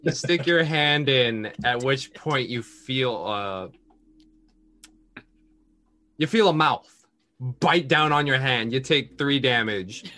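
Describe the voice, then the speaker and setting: A man's voice: mid-range voice, slow, pauses often, sharp tone. A man narrating as game master of a tabletop game, describing scenes with sound effects.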